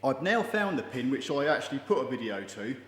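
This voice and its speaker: A man's voice: medium pitch, big pitch swings, fairly quick, a bit bright. A man talking casually and jokily as he works on a car engine in his garage. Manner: chatty, jokey, self-deprecating. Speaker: mechanic vlogger. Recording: echoey room with long reverb.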